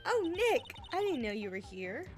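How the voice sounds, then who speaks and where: A woman voicing an excitable, cheerful teenage girl while reading game dialogue aloud, over game music. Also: high voice, moderate pace, pitched above the performer's own voice. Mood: excited. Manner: bubbly, squealing when excited.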